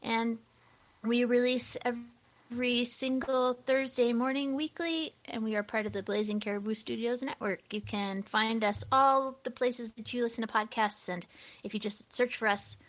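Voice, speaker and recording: A woman's voice: fairly high pitch, steady tone, moderate pace. A woman podcast guest chatting casually, giggly and self-deprecating. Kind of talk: casual chat.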